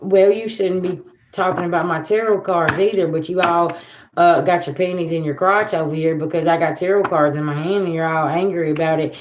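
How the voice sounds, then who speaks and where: A woman's voice: on the low side, steady tone, a little fast, echoey room, a little hiss or hum. A woman, hosting a casual tarot livestream and talking bluntly to viewers, swearing freely and with sass. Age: 40s. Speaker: tarot reader and livestream host.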